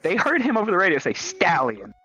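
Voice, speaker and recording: Animated young man telling a wild story. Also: a little high, fairly quick, over a noisy crowd, poor audio. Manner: animated, swears freely, acts out quoted voices. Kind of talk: casual chat telling a story.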